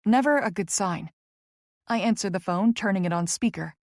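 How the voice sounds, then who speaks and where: A woman's voice: medium pitch, normal speed, a little mellow, no room sound, studio quality. Wry woman narrating an audiobook. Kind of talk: scripted first-person romance narration.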